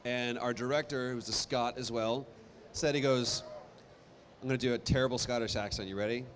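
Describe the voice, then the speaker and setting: A man in his thirties telling stories on a convention stage into a handheld mic, animated and self-deprecating. His voice sits at a mid pitch, and he trips into frequent restarts. A faint hiss sits under the sound. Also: brisk. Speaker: voice actor guest on a convention panel. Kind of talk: live panel storytelling.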